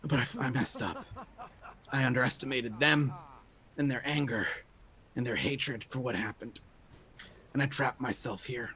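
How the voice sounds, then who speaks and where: A dying young exorcist gasps out short, broken phrases, as a game master puts him on. His voice is mid-pitched and subdued. He sounds weak, wounded and burdened by guilt. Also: unhurried, long pauses, pushed and bright. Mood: remorseful.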